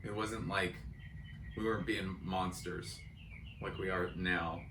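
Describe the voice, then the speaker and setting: A man's voice: low-pitched, fairly even intonation, slow, echoey room, background noise. A man in his thirties co-hosting a podcast, chatting casually and comically, rambling and self-deprecating. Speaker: podcast co-host. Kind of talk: casual comedic chat.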